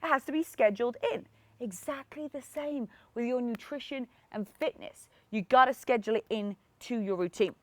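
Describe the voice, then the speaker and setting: Upbeat high-voiced woman coaching listeners. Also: normal speed, dry recording. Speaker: fitness podcast host. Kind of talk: motivational solo podcast talk.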